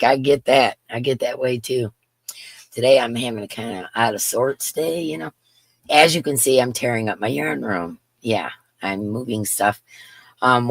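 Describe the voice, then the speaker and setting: Gravelly, husky woman hosting a livestream. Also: very deep voice, dry recording. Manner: bubbly, calls out names with big upward swoops. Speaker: crochet livestream host. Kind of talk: casual livestream chat greeting viewers. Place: home yarn room, indoors. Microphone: computer's built-in microphone.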